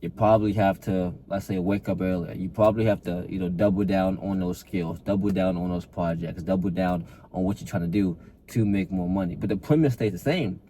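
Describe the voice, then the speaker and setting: A man's voice: low-pitched, a little fast, hardly any pauses, warm tone, a little hiss or hum. A man, a fitness coach, giving a blunt, profane, repetitive motivational talk to camera and calling the listener bro.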